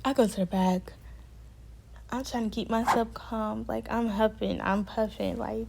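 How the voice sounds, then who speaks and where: A woman's voice: on the high side, steady tone, measured pace, creaky, a little mellow. Young woman telling a heated story. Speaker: vlogger. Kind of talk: storytime vlog.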